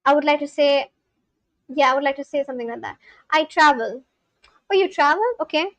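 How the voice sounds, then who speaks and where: A woman's voice: high-pitched, fairly quick, dry recording, muffled recording. A woman live-streaming in casual chat, reading viewer comments aloud and asking them questions. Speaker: live-streamer learning a language.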